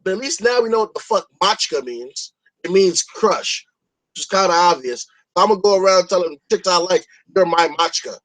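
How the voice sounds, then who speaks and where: High-voiced, profane male podcast host. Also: expressive, fairly quick, fairly bright tone, low-quality recording. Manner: profane, rambling, opinionated. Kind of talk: casual podcast chat.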